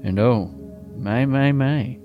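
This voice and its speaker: A man voicing a smooth, low-voiced male promo announcer with a slow, crooning, mock-sincere delivery. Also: dark tone, faint music behind, lightly acted. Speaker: podcast host.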